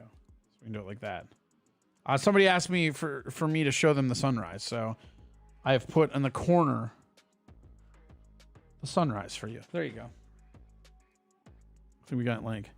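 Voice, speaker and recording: A man's voice: mid-range voice, animated, normal speed, gravelly, pauses often, faint music behind. A man hosting a casual live stream, talking loosely and swearing as he reads and answers chat messages.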